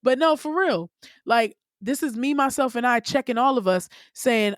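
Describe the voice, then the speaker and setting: A woman hosting her own podcast, talking candidly and with plenty of profanity, her voice leaping up in pitch when she gets worked up. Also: normal speed, no echo, clean studio sound. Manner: candid, profane, animated storytelling with sudden pitch jumps. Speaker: podcast host. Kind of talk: casual solo podcast monologue.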